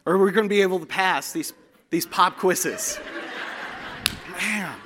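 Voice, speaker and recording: A man preaching a sermon, telling stories with humor and animated delivery. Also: high-pitched, unhurried, background noise.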